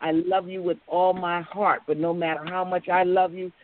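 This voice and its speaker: A woman's voice: lowish voice, level tone, moderate pace, slight background noise. A woman hosting a call-in radio talk show as a minister, talking with style affirmations and frequent laughter. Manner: warm church-style affirmations, laughing often. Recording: tinny phone-like broadcast sound, dry.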